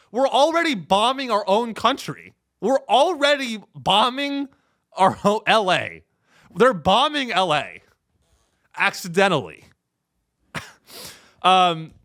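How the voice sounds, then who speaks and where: A man's voice: high voice, a bit bright, no echo, clean studio sound. A young man hosting a comedy show, ranting in a profane, rambling way and slipping into mocking voices. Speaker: comedy podcast host. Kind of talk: comedic rant.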